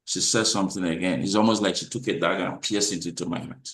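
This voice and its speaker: Motivational guy preaching with big swings, bright voice, echoey room. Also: fairly even intonation, fast talker. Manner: preacher-like, swings to loud high emphatic repetition. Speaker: host. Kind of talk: impassioned motivational talk.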